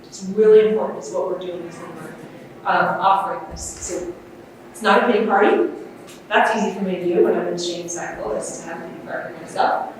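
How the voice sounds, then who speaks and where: Woman presenter, gentle unhurried delivery, heavy room echo, faint ambience. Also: on the low side, far from the mic, a little hiss or hum. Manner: gentle, unhurried, with fillers and restarts. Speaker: conference presenter. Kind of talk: workshop talk on self-compassion. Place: large conference room.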